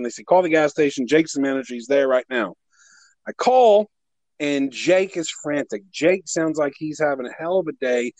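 A man's voice: fairly high pitch, dry recording, poor audio. A man casually telling a story, exasperated and swearing, acting out what everyone said. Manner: profane, exasperated, acts out quotes.

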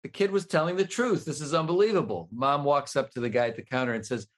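A man guest telling a long joke in a casual, animated way, laughing often. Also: fairly high pitch, fast.

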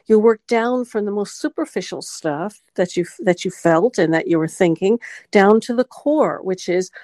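A woman's voice: mid-range voice, moderate pace, a little mellow, no room sound. A middle-aged woman giving relationship advice, earnestly acting out example apologies in the first person. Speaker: relationship coach. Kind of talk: advice talk.

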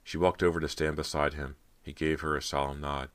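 A man narrating a horror audiobook in a steady, measured storytelling manner. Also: very deep voice.

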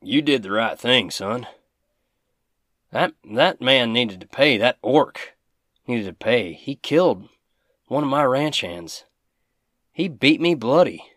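A man voicing a bitter rancher who speaks in a gruff, indignant tone. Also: on the low side, a little fast, pushed and bright, dry recording, clean studio sound. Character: angry, bitter male rancher.

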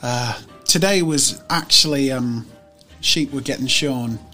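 A man playing a sturdy eleven-year-old farm boy, with a put-on northern English accent and a slow, drawn-out way of telling things. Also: medium pitch, sharp tone, soft background music, pitched below the performer's own voice. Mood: weary.

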